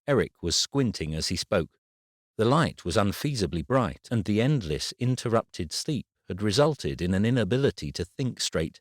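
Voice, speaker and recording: In dry, studio-quality audio, a man with a lowish voice reads scripted audiobook narration at a moderate pace. His storytelling stays steady and even throughout.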